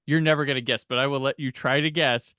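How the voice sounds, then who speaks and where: Podcast host, male, smooth and resonant, dry close mic, chatty and giggly. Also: mid-range voice, fairly even intonation, sharp tone, no echo. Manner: rambling, laughs often, quick mimicry of lines. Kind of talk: casual movie chat.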